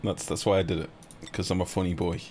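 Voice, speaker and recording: A man's voice: deep voice, flat delivery, fast talker, a little mellow, slight background noise. A man live-streaming a game, joking and teasing his chat in playful banter.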